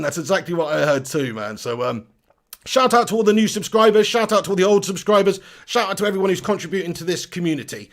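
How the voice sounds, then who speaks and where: A man hosting a live stream, chatty and energetic, reading out viewer comments. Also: high voice, fairly quick. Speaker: football fan channel host.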